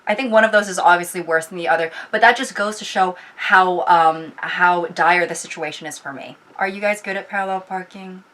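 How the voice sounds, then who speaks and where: A woman's voice: lowish voice, brisk, few pauses, fairly bright tone. Chatty young woman vlogging. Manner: chatty, rambling, giggly asides. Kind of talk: rambling casual chat to viewers.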